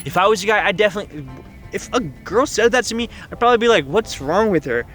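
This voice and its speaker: A man's voice: expressive, quick pace, fairly bright tone, faint music behind. A young man playing through a story game outdoors, reading the dialogue aloud in silly voices and joking between lines. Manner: playful, voices characters in high falsetto, rambling asides. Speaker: gaming YouTuber. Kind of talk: voicing game dialogue with commentary.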